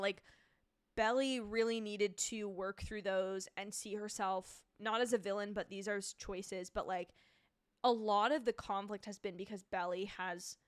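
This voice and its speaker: An excitable young woman hosts a live reaction stream, gushing and rambling as she answers viewer comments. Her voice sits in a middle range for a woman. The sound is dry and close, with no room echo. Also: mid-range voice, smooth. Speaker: TV reviewer hosting a live stream.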